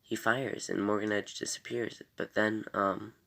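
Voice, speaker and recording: A man's voice: on the low side, little pitch movement, measured pace, vocal fry, fairly bright tone. A man casually recapping a TV episode in a rambling way, full of fillers and self-corrections. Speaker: TV episode reviewer.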